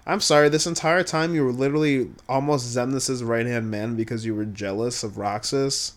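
A man giving a casual, profane recap, blunt and exasperated, swinging between low muttering and loud outbursts. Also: fairly even intonation, normal speed, few pauses. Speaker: video creator reviewing a game.

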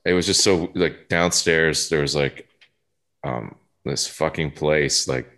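A man's voice: rumbling low, takes it slowly, fairly bright tone. A man telling tour stories in a casual chat, swearing often and acting out the voices of the people in them. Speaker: band member recalling tours. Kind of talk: casual storytelling.

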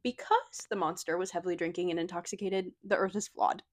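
A young Missouri woman co-hosts a casual podcast chat, reading her notes in a dry, matter-of-fact manner. Her voice is lowish, her intonation fairly even, and she talks a little fast.

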